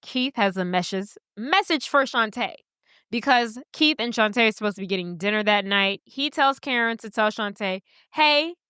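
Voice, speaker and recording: Bright, clear-voiced woman retelling a film. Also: medium pitch, moderate pace, dry recording, studio quality. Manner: lively storyteller, acts out characters' lines, swears casually. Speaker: podcast co-host. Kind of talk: casual movie recap chat.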